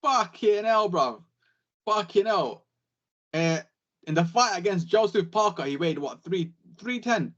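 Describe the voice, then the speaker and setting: A young man talks boxing on a podcast, quick to swear and fond of repeating catchphrases. His voice sits a little high for a man. The recording sounds a bit dull and lo-fi. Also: animated, fairly bright tone. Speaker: podcast co-host. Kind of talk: casual boxing chat.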